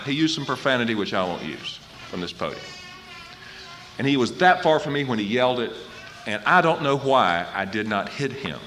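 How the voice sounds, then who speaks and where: Lively, bright-voiced man telling his story. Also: mid-range voice, a little fast, a little hiss or hum. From North Carolina, US. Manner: animated storyteller who acts out quoted voices. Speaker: recovery meeting speaker. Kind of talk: personal recovery talk at a convention. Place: convention hall podium.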